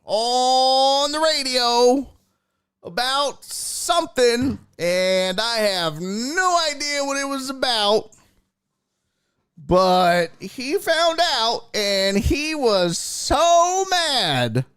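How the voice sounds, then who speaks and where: A man's voice: very high-pitched, very animated, very slow, a bit bright, smooth, dry recording, clean studio sound. A man hosting a casual sports and entertainment livestream, telling jokey stories and reading viewer chat aloud. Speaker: sports and entertainment show host.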